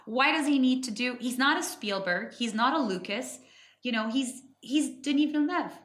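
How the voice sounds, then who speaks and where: Lively bright-voiced woman guest. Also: high voice, moderate pace. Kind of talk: casual chat.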